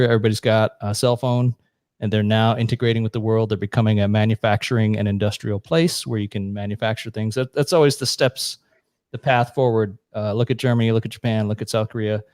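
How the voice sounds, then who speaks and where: A man's voice: fairly low pitch, fairly even intonation, fast talker, a little mellow, dry recording, clean studio sound. A man co-hosting a talk show, explaining history at length in a blunt, profane, casual way. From United States. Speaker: podcast co-host. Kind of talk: casual chat.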